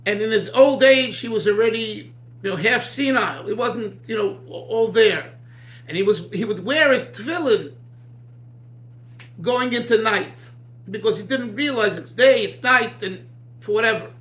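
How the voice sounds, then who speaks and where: A man teaching an informal Torah class as a rabbi, talking in an animated, digressive way with many restarts. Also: high-pitched, moderate pace, roomy sound.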